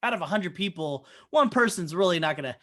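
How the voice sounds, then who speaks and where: Animated, profane man telling stories. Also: sits high, fairly quick. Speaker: podcast co-host. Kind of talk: casual chat.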